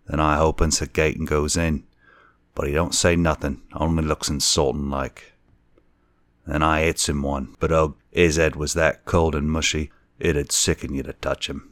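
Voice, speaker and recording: A man doing a Cockney bellboy, very deep. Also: level tone, moderate pace, no echo, studio quality. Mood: telling tale. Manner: deferential, keeps saying sir. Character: young Cockney bellboy, former soldier, anxious.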